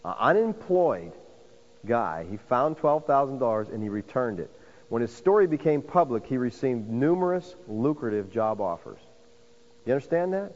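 A man's voice: medium pitch, sing-song, moderate pace, a little mellow. A man preaching a sermon as pastor, calling his listeners "folks" and building to emphatic points. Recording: dull sound with long hall reverb.

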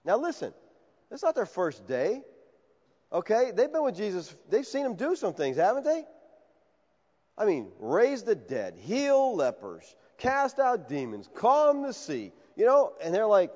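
Animated preacher in a reverberant hall. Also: male voice, high-pitched, a little slow. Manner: animated, conversational, acts out quoted voices. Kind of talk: expository sermon. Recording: dull sound with long hall reverb.

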